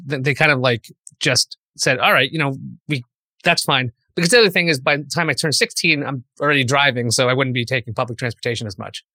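A middle-aged man from Queens, New York, with a New York accent, chats animatedly as a guest in a casual interview, acting out little scenes of dialogue in quoted voices. His mid-range voice moves at a quick pace with few pauses, recorded dry at studio quality.

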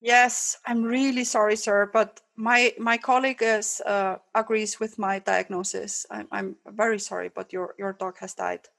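A woman voicing a calm, apologetic male vet in a joke, speaking softly and quietly. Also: mid-range voice, unhurried, creaky, hardly any pauses.

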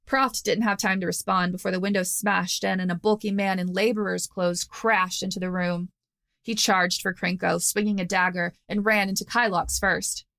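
A woman reading an audiobook with steady storytelling. Her voice sits at a middle pitch with noticeable vocal fry. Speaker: narrator. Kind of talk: audiobook narration.

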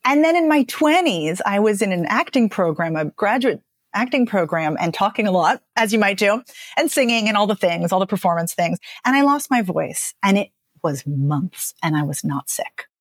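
A woman who works as a speech and dialect coach, talking about her path in a chatty, animated podcast interview and laughing often. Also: medium pitch, normal speed, no echo, clean studio sound.

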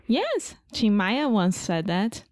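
A woman's voice: mid-range voice, sing-song, slow, a little mellow, no echo, studio quality. Giggly woman podcast co-host. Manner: giggly, laughs often. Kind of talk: casual chat.

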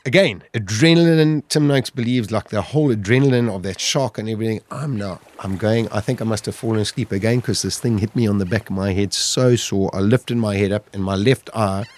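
A man's voice: lowish voice, a little fast, hardly any pauses, darkish tone, slight background noise. A middle-aged man, a podcast guest vividly retelling his own ordeal and acting out his inner voice. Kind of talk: dramatic personal storytelling.

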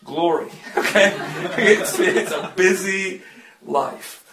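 A man's voice: sits high, slow pace, crowd noise. A man preaching a sermon in a chatty way, often laughing and joking with the congregation in a church. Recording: echoey church from a distant mic.

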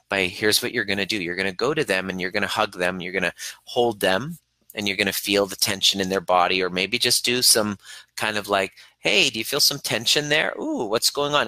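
Male relationship coach, middle-aged, earnest and hands-on; bright, forward tone in a dry room. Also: fairly low pitch, no echo, low-quality recording. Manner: earnest, coaching, acts out examples in a soft cooing voice. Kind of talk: motivational talk to camera.

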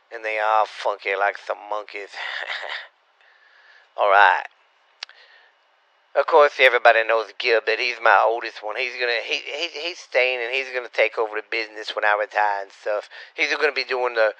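A man's voice: mid-range voice, sharp tone, clean tone, no echo, dull audio. A middle-aged man from Louisiana with a Southern Louisiana accent, hosting a podcast in a loose, profane, rambling way. His voice sounds slightly sore. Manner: profane, loose, calls listeners baby. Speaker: podcast host. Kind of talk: rambling casual podcast talk.

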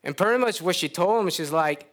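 A man's voice: high voice, animated, fairly quick, a bit bright. A man preaching, retelling a story in a folksy, chuckling way. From Louisiana. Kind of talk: storytelling sermon.

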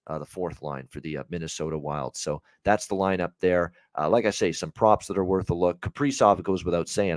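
A man with a low, deep voice talks through hockey betting picks in a loose, chatty way, rattling off stats between frequent "uh"s. The sound is dry and close, with no room around it. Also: no echo. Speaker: betting show co-host. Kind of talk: sports betting analysis.

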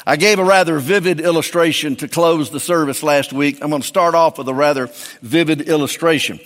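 Man preaching a sermon, higher voice, echoing hall. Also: brisk, fairly bright tone. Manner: folksy and joking with the congregation. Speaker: pastor. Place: church.

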